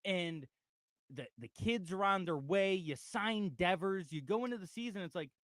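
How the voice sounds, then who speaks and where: A man's voice: high-pitched, normal speed, dry recording, clean studio sound. A man hosting a sports radio talk show, chatting casually and reading out comments from the chat. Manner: animated, reads out chat comments.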